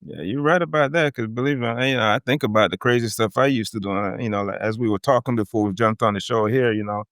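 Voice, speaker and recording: A man from Jamaica with a light Jamaican accent chats easily as a podcast guest and laughs often. His voice is low and smooth. The sound is close and dry. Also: fast talker, a bit bright, dry recording. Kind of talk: casual interview chat.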